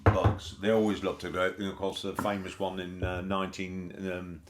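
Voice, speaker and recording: A man with a very low, deep voice co-hosts a casual podcast chat. He rambles and hesitates, trailing off into fillers and throwing in wry jokes. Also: flat delivery, moderate pace, very noisy. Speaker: podcast co-host.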